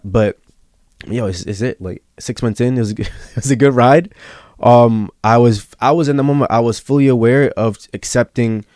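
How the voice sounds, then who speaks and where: A man's voice: mid-range voice, a little mellow, no echo, studio quality. A young man as a podcast guest, telling a personal story in casual, earnest talk, repeating himself and saying bro and yo. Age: young adult.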